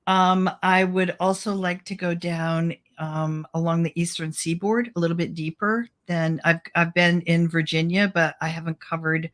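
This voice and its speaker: A woman's voice: fairly low pitch, little pitch movement, normal speed, hardly any pauses, fairly bright tone. A woman guest, an author, talking enthusiastically in a casual interview and laughing easily. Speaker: guest, author and children's camp founder.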